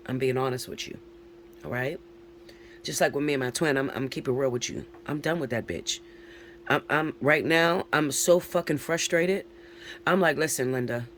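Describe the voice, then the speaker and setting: A man's voice: on the high side, fairly bright tone, slight background noise. A man giving a casual tarot reading to camera, talking bluntly and frankly, often swearing and checking in with his listeners. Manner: chatty, keeps checking in with listeners. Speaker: tarot reader.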